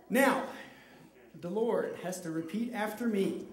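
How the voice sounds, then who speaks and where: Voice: mid-range voice, takes it slowly, long pauses, a crowd in the background. A children's ministry leader directing a Bible skit with kids, cheering them on and feeding them their lines. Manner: lively, cheering, coaching kids line by line. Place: church children's room. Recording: roomy hall sound, mic at a distance.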